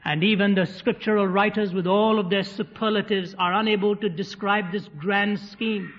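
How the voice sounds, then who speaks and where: Preacher, male, high voice, humorous storyteller, muffled echoey hall recording. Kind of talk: sermon storytelling. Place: hall with live audience. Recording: dull recording in a reverberant hall.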